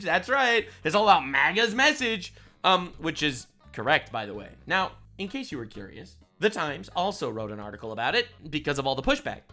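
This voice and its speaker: A man's voice: sits high, sharp tone. A man delivering ranting commentary, sarcastic and full of profanity, with angry outbursts. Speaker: online commentator.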